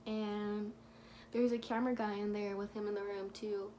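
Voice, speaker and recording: A woman's voice: mid-range voice, little pitch movement, moderate pace, warm tone, a little hiss or hum. A woman telling a rambling, gushing story for her vlog, leaning on "like" again and again. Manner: gushing, rambling, heavy use of "like". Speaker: vlogger.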